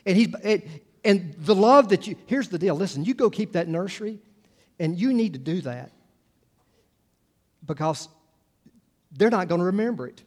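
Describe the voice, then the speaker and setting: A male pastor delivers a sermon in a casual, talky way. He often backtracks and restarts his sentences. His voice sits a little on the high side. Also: animated, moderate pace, pauses often, darkish tone. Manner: conversational, full of restarts and asides.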